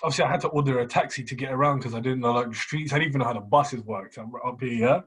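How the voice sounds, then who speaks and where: A young man co-hosting a casual podcast chat, slangy and quick to laugh, often repeating his words. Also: medium pitch, fairly bright tone, husky. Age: young adult. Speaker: podcast co-host.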